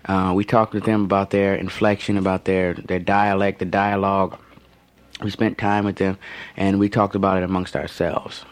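Brief: young male actor, low voice, thoughtful, halting, dry close sound. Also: no echo. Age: young adult. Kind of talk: interview talk.

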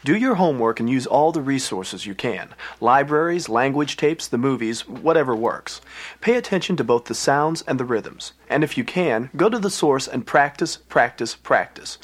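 Casting: male program narrator, steady mid-pitch, measured scripted read.

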